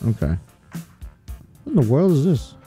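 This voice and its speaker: A man's voice: medium pitch, huge pitch swings, moderate pace, dark tone, husky, soft background music. A man playing along in a casual quiz, thinking aloud and poking fun at himself. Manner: self-mocking, thinks aloud. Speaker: quiz player. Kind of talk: casual chat.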